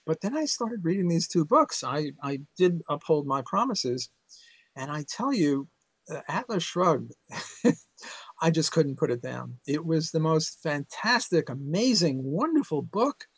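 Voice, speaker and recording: An older man recounts his memories in an unhurried, rambling way, peppering them with fillers and bursts of laughter. His voice sits a little high for a man, and it sounds close and dry, with no room echo. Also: big pitch swings, breathy edge. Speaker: interview guest, economics professor. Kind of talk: casual storytelling interview.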